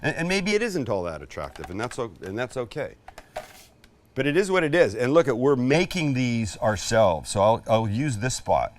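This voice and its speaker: A male cooking host gives a live cooking demonstration in a mid-range, sing-song voice at a moderate pace. He's casual, jokey and chatty, often poking fun at himself, and the mic picks him up from slightly far away.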